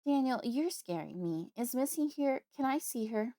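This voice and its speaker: A woman reading an audiobook, voicing a wary, suspicious woman friend who asks insistent questions in a higher voice. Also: expressive, normal speed, dark tone.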